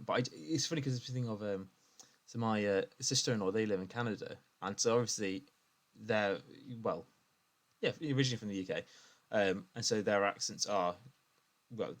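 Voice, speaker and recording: A man from the UK co-hosting a podcast, telling stories in casual chat and laughing often. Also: on the low side. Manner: animated storyteller, laughs often. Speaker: podcast co-host.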